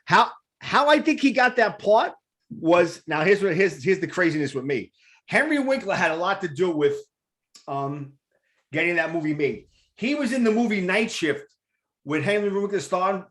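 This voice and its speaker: A man hosting a talk show, chatting eagerly with a guest and rambling with repeated words. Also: high-pitched. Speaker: radio show host. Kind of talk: enthusiastic casual interview.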